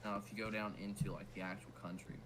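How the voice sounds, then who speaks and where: A young man with a Southern US accent, chatting casually while hosting a weather livestream, tripping over his words when excited. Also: fairly low pitch, fast talker, noisy background. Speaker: weather stream host.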